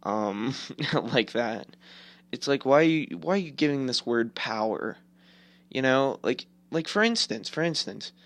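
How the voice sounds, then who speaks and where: A man's voice: mid-range voice, fairly bright tone, dry recording. Rambling profane young man, dry sound. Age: 20s. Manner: rambling, profane, heavy filler words. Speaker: podcast host. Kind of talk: casual opinion rant.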